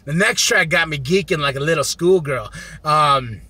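A man reviewing an album in a casual, profane vlog, excitable and prone to loud rants. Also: a little high, normal speed, dry recording. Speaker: music review vlogger.

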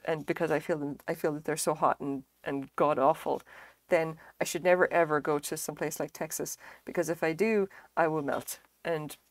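A woman's voice: low voice, steady tone, normal speed, no room sound. A woman chatting casually on a live stream, rambling and self-deprecating, swearing freely as she talks. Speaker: livestreamer. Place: home craft stream setup.

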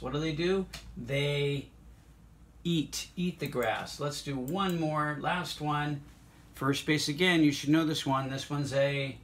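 A man teaching an online music lesson, encouraging students and walking them through note names and vocal warm-ups. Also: fairly high pitch.

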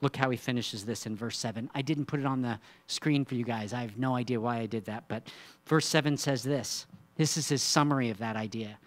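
A man preaching a sermon as pastor, with a conversational style. He swings between hushed, low asides and loud, emphatic peaks, and uses rhetorical questions and teasing asides. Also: a little fast.

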